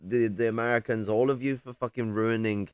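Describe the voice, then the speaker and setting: A man's voice: medium pitch, fairly even intonation, a little fast, very noisy. A man hosting a live stream, chatting casually in a rambling, sweary, opinionated way. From Yorkshire, England. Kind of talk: casual chat.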